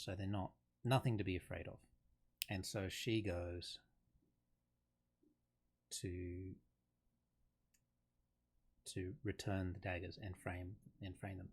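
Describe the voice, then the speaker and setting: Male teacher, lower register, casual explainer who thinks aloud. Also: unhurried, pauses often, a little mellow, breathy edge. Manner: conversational, thinking aloud with fillers and restarts. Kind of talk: casual lesson explaining a play.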